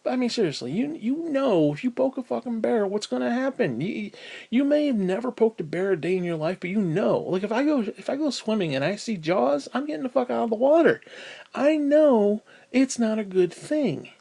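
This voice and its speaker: A man with a high-pitched voice rants to camera in pain and full of profanity. He swings from loud, heated outbursts down to low, bitter mutters. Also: sing-song, moderate pace, vocal fry. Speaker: vlogger. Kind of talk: profane ranting monologue.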